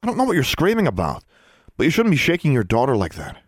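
A man's voice: medium pitch, wildly swooping pitch, quick pace, slightly rough, no room sound, studio quality, voice pushed up. A male narrator voicing a concerned middle-aged man scolding a stranger in a storybook. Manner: protective, scolding.

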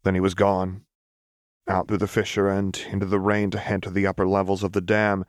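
A man reading fan fiction aloud in a measured, even narration. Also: low voice, no echo, clean studio sound. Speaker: audiobook reader.

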